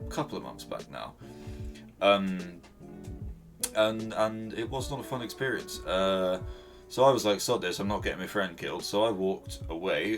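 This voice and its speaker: A man, hosting a podcast and telling a rambling, sweary story on his own, with many restarts. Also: sits low. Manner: rambling, sweary, self-interrupting. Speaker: podcast host. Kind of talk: casual storytelling monologue. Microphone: solo recording at home to camera.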